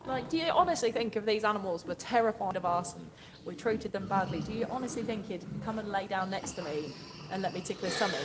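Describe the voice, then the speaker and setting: A woman's voice: medium pitch, long reverb tail. A woman livestreaming from her farm. She coos fondly at her animals and chats and laughs with viewers. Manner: coos affectionately at animals, laughs often, rambles chattily. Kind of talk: chatty livestream talk to viewers. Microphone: handheld phone camera. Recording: noisy outdoor farm sound.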